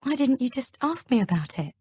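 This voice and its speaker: A woman's voice: high voice, big pitch swings, fairly quick, mellow, slightly rough, dry recording, pitched above the performer's own voice, exaggerated voice. Bewildered young mother, tense and incredulous, as the narrator voices her; dry studio read. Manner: tense, raised, incredulous questioning. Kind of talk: audiobook character reading.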